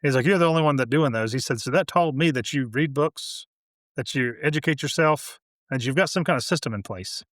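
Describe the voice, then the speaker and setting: A man who builds homes, a guest in a casual interview, telling animated stories full of quoted dialogue. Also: mid-range voice, brisk, no room sound, studio quality. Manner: animated storyteller, quoting others.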